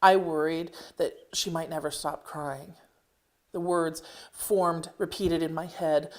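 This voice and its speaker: Woman reading her memoir, slightly low voice. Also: fairly even intonation, slow pace. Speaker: author reading her own story. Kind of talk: reading a personal memoir aloud.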